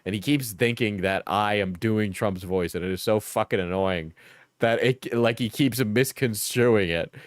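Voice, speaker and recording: Hoarse man with a New York accent. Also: fairly low pitch, a little slow, no room sound, clean studio sound. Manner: joking, rambling, laughs often. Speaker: streamer. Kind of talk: casual live-stream chat.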